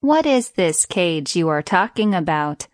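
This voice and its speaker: A woman's voice: fairly low pitch, sing-song, a little slow, dry recording, clean studio sound. A woman voicing a sly male jackal who pretends to be confused and makes others repeat themselves. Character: sly young male jackal, feigning slowness.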